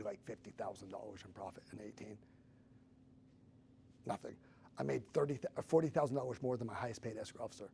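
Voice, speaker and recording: A middle-aged man telling a story in a casual chat, animated, acting out the dialogue. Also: mid-range voice, vocal fry, a little hiss or hum.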